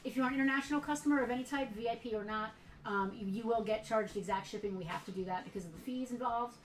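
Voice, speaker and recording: A woman hosts a live sale stream, chatting casually and rambling with lots of fillers. Her voice is a bit high. She sounds distant from the mic in an echoey room. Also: quick pace, slight background noise. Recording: roomy, from off the mic.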